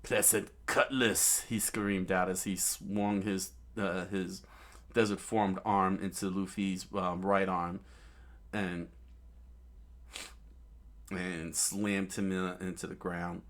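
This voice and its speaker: A man narrates a comic in a casual, halting way, full of restarts and small fillers. His voice is low and his pace slow. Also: flat delivery. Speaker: comic reader. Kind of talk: casual comic read-aloud.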